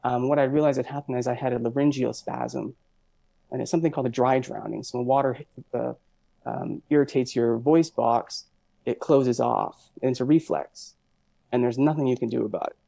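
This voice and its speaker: Middle-aged guy, gravelly and warm, talking slow and thoughtful w lots of ums, dry close sound. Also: mid-range voice, steady tone, no room sound, low-quality recording. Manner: reflective, halting, with many fillers and restarts. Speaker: forensic pathologist. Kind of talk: personal story told in an interview.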